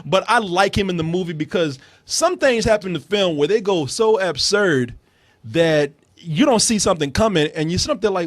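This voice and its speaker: A man with a high, bouncy voice hosts a casual film review podcast. He swings his pitch up and down a lot as he talks, laughing often and restarting his sentences. He is recorded close and dry, with almost no room sound. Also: lively intonation, normal speed, no room sound.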